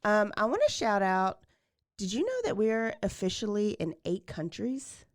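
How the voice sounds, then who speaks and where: A woman's voice: mid-range voice, sing-song, normal speed, no room sound, clean studio sound. A woman co-hosting a podcast, chatting casually, laughing often and reading out listener messages. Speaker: podcast co-host. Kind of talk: casual chat.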